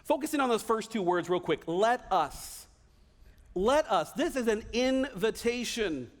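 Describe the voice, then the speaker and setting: A man pastor preaching a sermon in a church, animated, now and then acting out the voices of people cheering. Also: high voice, measured pace. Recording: reverberant church hall.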